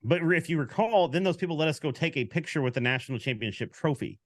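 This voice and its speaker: A man co-hosting a casual sports podcast, telling stories with lively quoted back-and-forth. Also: fairly high pitch, quick pace, dry recording, studio quality. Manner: animated storyteller, acts out quoted exchanges. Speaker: podcast co-host.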